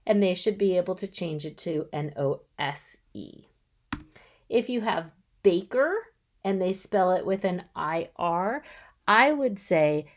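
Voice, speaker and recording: A woman's voice: lowish voice, animated. A woman in middle age giving a patient, step-by-step voice-over lesson for reading tutors. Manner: slow, patient, explaining step by step. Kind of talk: instructional voice-over.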